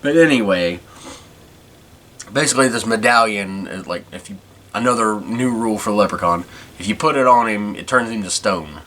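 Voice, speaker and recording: A man's voice: fairly low pitch, moderate pace, a bit bright. A man hosting a podcast, chatting casually and rambling as he goes. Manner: rambling, many restarts. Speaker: podcast host. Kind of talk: casual chat.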